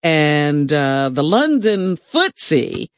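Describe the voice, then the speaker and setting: A man reads news headlines slowly and unhurriedly, in a fairly high voice that rises and falls a lot. The sound is close and dry, with no room around it. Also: sing-song, no echo. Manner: measured, with fillers. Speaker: news reader on a radio show. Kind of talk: reading news with banter.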